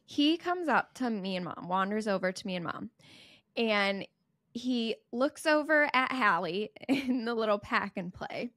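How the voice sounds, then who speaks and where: A woman in her twenties co-hosting a podcast, telling a story in a lively, laughing way. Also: fairly high pitch, measured pace, dry recording, clean studio sound. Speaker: podcast co-host. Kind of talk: casual chat.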